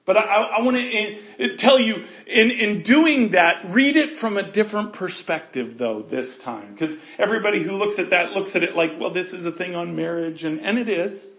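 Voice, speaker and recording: A man preaching a sermon, earnest, swinging between loud passages and hushed ones. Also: sits high, animated, normal speed, hardly any pauses, roomy sound. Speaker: pastor.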